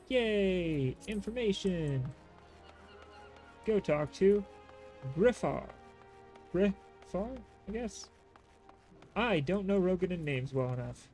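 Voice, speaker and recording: A man's voice: high-pitched, expressive, slow pace, long pauses, darkish tone, faint music behind. A man streaming a game, chatting casually and joking at his own expense while he reads dialogue aloud. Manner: self-deprecating, swears casually.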